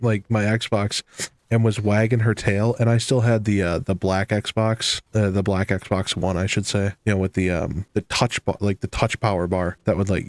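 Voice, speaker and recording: A man's voice: fairly low pitch, dry recording. A young man casually telling rambling stories with frequent laughs while commenting on his own gameplay. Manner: rambling, self-mocking, laughs often. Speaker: gaming YouTuber.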